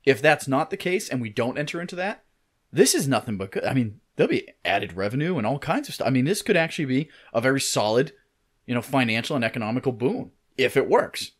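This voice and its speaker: A man's voice: mid-range voice, animated, fast talker. A man co-hosting a podcast in casual chat, thinking aloud and rambling with lots of fillers. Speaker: podcast co-host.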